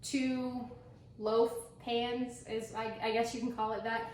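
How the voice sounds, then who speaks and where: A bubbly young woman hosts her cooking vlog from a home kitchen, her high voice bouncing around an echoey room. She rambles excitably and chats casually with her guest. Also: slow pace, a little hiss or hum. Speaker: cooking channel host.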